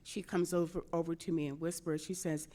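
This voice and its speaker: Speaking briskly in a lowish voice over a noisy background, a middle-aged state senator shares a personal story with a convention crowd. Her telling is lively, frequently broken by laughter and by her reenactments of what people said.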